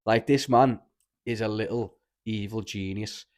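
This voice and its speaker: A man's voice: lowish voice, steady tone, measured pace, darkish tone. A man with a Liverpool accent hosting a casual podcast, telling rambling, sweary stories and saying "lad" constantly. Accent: Liverpool (Scouse). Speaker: podcast host. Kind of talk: casual chat, storytelling.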